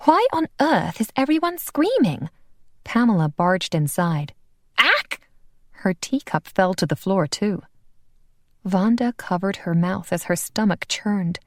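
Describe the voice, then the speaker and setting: A woman narrating a paranormal romance audiobook in an expressive, lively reading. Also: lowish voice, dry recording, studio quality. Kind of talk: scripted narration.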